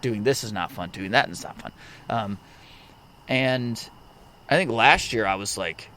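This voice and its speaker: A man hosting a casual podcast, talking reflectively with halting restarts. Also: lowish voice, sharp tone, a little hiss or hum. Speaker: podcast host.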